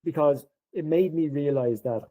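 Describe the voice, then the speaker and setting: A fairly high-pitched man, middle-aged and Irish, talks at normal speed as a podcast guest, sharing an anecdote in interview style and dramatizing the quoted dialogue. The recording is rough.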